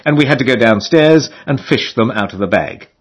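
A male audiobook narrator reading a comic novel in a slightly husky voice. His pitch rises and falls expressively, and his delivery stays dry and mock-solemn. He speaks in a mid-range register. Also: animated, moderate pace. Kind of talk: scripted narration.

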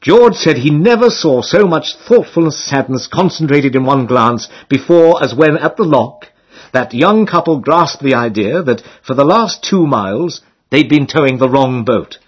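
A man's voice: medium pitch, lively intonation, a little slow, husky. A man reading a comic novel aloud in a wry storytelling manner. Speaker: audiobook narrator. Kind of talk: scripted narration of a comic novel.

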